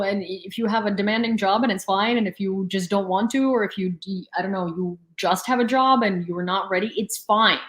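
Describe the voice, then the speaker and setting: A woman's voice: mid-range voice, fairly bright tone, echoey room. A young woman from Lviv chatting casually on stream in a rambling, exasperated way, full of fillers. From Ukraine (Lviv). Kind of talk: casual chat.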